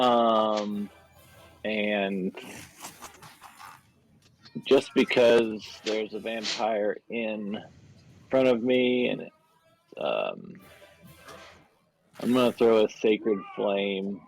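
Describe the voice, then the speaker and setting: A man playing a tabletop game talks through his turn slowly, pausing on fillers as he decides. His voice is low and gravelly. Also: animated, faint music behind, poor audio. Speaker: player.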